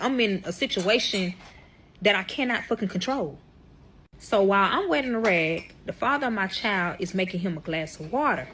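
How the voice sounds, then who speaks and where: A woman's voice: medium pitch, fairly bright tone, a little hiss or hum. A young woman telling a story to camera in a casual storytime style, swearing often and calling her viewers y'all. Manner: profane, addresses viewers as y'all.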